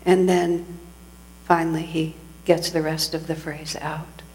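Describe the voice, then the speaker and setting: A woman's voice: low-pitched, level tone, measured pace, a little mellow, slight background noise. Woman giving a reflective sermon. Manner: reflective storytelling with frequent restarts.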